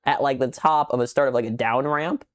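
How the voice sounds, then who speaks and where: A young man co-hosting a podcast, telling a rambling story in casual chat, swearing a lot and getting animated as he retells it. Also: mid-range voice, brisk. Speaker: podcast co-host.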